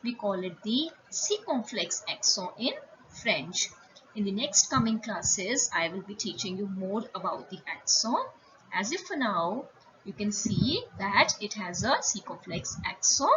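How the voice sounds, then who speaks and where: A woman teaching a French lesson, speaking slowly and carefully and repeating and spelling out each phrase. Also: medium pitch, sing-song, fairly bright tone. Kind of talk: slow spoken language lesson. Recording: dull lo-fi sound with faint room noise.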